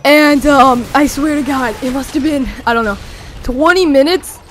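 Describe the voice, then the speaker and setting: A young teenager rambling excitedly through a story with many fillers, talking over gameplay. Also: high voice, normal speed, a little hiss or hum. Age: young teen. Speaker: gameplay commentator.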